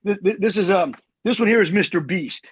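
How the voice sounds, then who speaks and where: An army veteran in his fifties tells stories quickly and with slangy energy. His voice is high for a man and a bit husky. The recording is dry, dull and lo-fi. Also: no echo. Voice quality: animated, slangy, says "dude". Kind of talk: casual storytelling.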